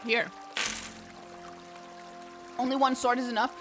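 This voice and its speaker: A woman streaming a video game, chatting casually, excitable and swearing, often breaking into laughs. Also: a little high, normal speed, faint music behind. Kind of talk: casual gameplay commentary.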